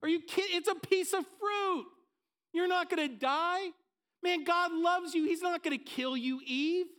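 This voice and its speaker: A sly serpent , put on by a man, who coaxes with a very high, wheedling voice. He keeps pressing, urging and insisting, never letting up. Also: measured pace, a bit bright. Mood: coaxing. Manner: coaxing, persuasive, insistent. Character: sly tempting male serpent, the devil.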